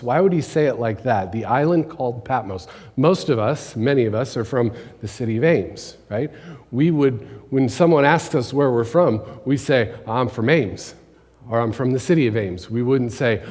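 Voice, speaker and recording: Pastor preaching in a reverberant church. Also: male voice, mid-range voice, a little mellow. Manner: conversational preaching, rhetorical questions, drops to near-whisper for emphasis. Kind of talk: sermon. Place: church sanctuary. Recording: long hall reverb.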